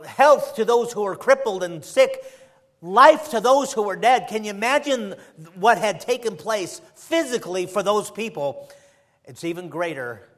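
A high-voiced man preaching. He piles up rhetorical questions and swings between loud emphasis and soft, quiet passages. His tone is impassioned throughout. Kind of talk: sermon.

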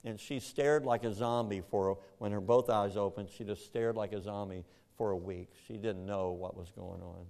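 A man's voice: lowish voice, steady tone, normal speed, gravelly, hardly any pauses, darkish tone. A man, telling a personal story in an earnest, plainspoken way. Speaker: speaker telling his story. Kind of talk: personal testimony.

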